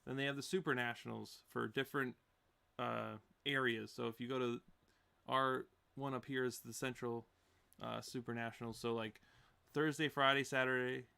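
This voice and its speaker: A young man in casual podcast chat, giving rambling, halting explanations full of fillers. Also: medium pitch, level tone, gravelly, bright, forceful tone, clear, resonant tone. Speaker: racing podcast participant.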